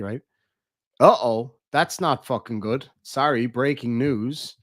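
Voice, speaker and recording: A man with a Cork accent talks loosely to his live-stream chat, trading crude, swearing banter with the viewers. His voice sits at an ordinary middle pitch and sounds close and dry, with no room around it. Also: dry recording. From Ireland.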